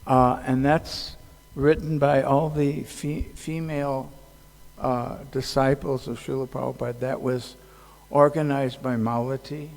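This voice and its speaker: A man giving a casual devotional talk at a festival, halting and joking, with many fillers. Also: mid-range voice, little pitch movement, gravelly, a little mellow. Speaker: speaker at a temple festival. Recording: long hall reverb.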